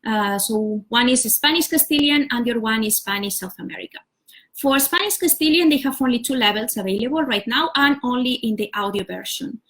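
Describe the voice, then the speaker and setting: A woman with a slightly high voice walks through a topic in a relaxed livestream lesson. She explains patiently, step by step. She often pauses on "uh" and "so" before going on. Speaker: language teacher. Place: home setup for a live stream.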